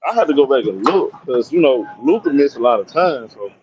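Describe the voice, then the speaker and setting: A teasing man in a casual sports chat, mid-pitched, restarting his sentences until he gets the floor. His audio is dull and lo-fi, like a remote line. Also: sing-song, brisk, darkish tone, faint music behind. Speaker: podcast co-host.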